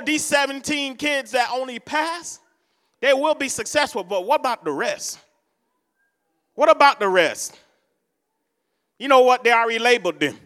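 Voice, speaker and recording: Male pastor; high, bright voice, echoing church. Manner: repetitive, exhorting, switches languages. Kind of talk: sermon.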